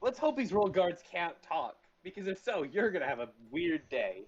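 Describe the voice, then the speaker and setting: A man with a high, sing-song voice chats at a moderate pace as a player in a tabletop game, joking and swearing freely. Crowd noise surrounds him, and the recording sounds dull and lo-fi, with faint music.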